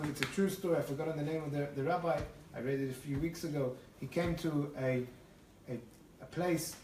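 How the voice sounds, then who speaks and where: A man teaching through stories, animated and prone to restarting phrases, his voice pitched somewhat high. He stands well away from the mic, so the room echoes around him, with a faint hiss underneath. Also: recorded from a distance. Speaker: Torah teacher. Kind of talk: lively storytelling lecture.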